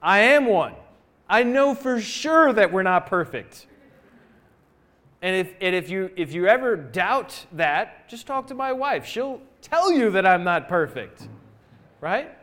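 A man's voice: high-pitched, big pitch swings, slow pace, fairly bright tone. A male pastor preaching a sermon in a church, conversational, with rhetorical questions and asides to the congregation. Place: church sanctuary.

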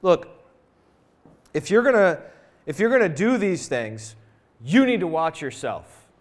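A man's voice: sits high, sing-song, a little slow. A male pastor preaching a sermon in a church, conversational, with rhetorical questions and asides to the congregation. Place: church sanctuary.

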